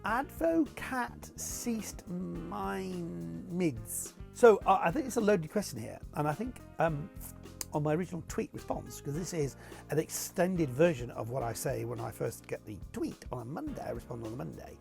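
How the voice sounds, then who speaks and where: A man's voice: on the high side, very animated, a little fast, creaky, a little mellow, soft background music. A man chatting casually to camera, answering viewer questions in a rambling, playful way.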